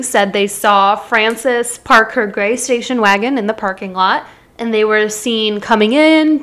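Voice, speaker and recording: A woman's voice: medium pitch, a bit bright. A woman from Illinois, co-hosting a podcast, who tells a true-crime story in a chatty, casual way and laughs easily. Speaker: podcast co-host.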